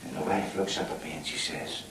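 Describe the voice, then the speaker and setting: In a television drama, an actor plays a cocky, crude stand-up comic from Belfast who fires off bawdy patter at a club crowd. He has a bass voice with fairly even intonation and talks fast, in a cheeky mood. The room is echoey and the background noise is loud.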